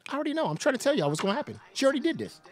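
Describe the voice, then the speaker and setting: A man hosting a live stream, telling gossip in a casual, animated way and laughing often. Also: extremely high pitch, racing. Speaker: live-stream reaction host.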